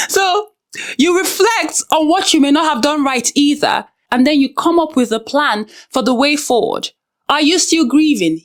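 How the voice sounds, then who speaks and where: A young woman with a high voice talks straight to the viewer, coaching them through painful feelings. She is earnest and direct, with frank personal asides woven into her advice. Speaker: self-help video host. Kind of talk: direct-to-camera advice talk.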